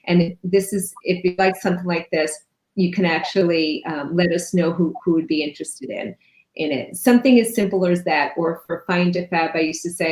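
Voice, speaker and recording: Woman in her fifties, emphatic business coach, low voice, roomy echo. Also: moderate pace, darkish tone. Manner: emphatic, lists ideas in runs. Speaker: guest business strategist. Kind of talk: conversational coaching advice. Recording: echoey room.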